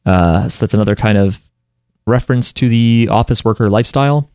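A man's voice: on the low side, brisk, a little mellow, clear, resonant tone, no room sound, studio quality. A man co-hosting a podcast, recapping an anime in a casual, rambling way with lots of fillers and restarts. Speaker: podcast co-host.

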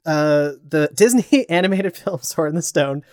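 A man's voice: on the high side, lively intonation, moderate pace, a little mellow, dry recording. A man co-hosting a podcast in loose, casual talk. He rambles and restarts his sentences, full of fillers. The sound is dry and close to the mic. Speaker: podcast co-host. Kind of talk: casual chat.

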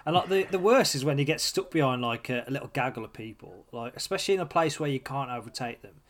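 A man whose pitch swings all over tells an annoyed story to his co-hosts. He swears freely and stumbles over fillers like "like" and "um". It is casual podcast chat. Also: lively intonation, fast talker, a crowd in the background. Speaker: podcast co-host. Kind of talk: casual banter.

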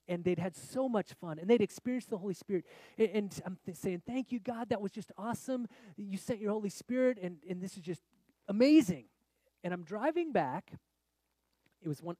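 A middle-aged man, a pastor, preaches by telling a lively story that moves between loud outbursts and soft confession. He has a high voice, and the recording has no echo.

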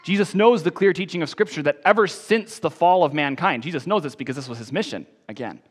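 A man preaching a sermon as pastor, emphatic, rising on key phrases and then dropping soft. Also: fairly high pitch, animated, fast, slightly rough, in a large hall.

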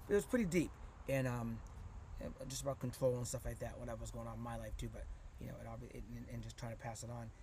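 A man talks quickly as an interview guest, jumping from one thought to the next with plenty of fillers and restarts. His voice sits at a medium pitch for a man. The recording carries a clear layer of noise and passing vehicles. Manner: animated, rapid, full of fillers and restarts. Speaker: guest, community vlogger. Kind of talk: casual interview storytelling.

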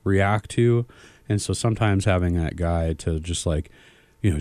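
A man co-hosting a casual radio show, telling stories in an animated, joking way. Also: low-pitched, measured pace, no echo. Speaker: radio co-host.

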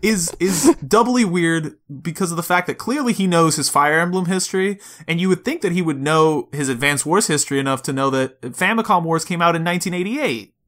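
A man co-hosting a podcast in loose, casual chat, with a bright, forward voice. He fills pauses with fillers and laughs easily. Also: fairly high pitch. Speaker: podcast co-host.

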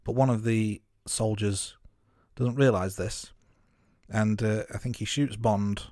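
A man co-hosting a relaxed film review chat. His voice sits a little low and sounds dry and close. He talks thoughtfully and stops often to restart a phrase. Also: slow pace, no echo. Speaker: film review podcast co-host. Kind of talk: casual film discussion.

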